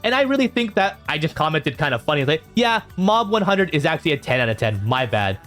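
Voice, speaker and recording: A man reacting to viewer comments in a casual vlog, reading them out and answering with animated exasperation. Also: quick pace, soft background music. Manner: animated, jumps in pitch when exasperated.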